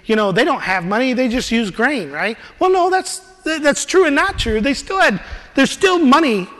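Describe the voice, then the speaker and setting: A high-pitched man preaches a sermon, telling his own story with animation and laughing as he talks. His voice carries a long reverb, as if it fills a church hall. He is lively and personal as he speaks to a congregation. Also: normal speed.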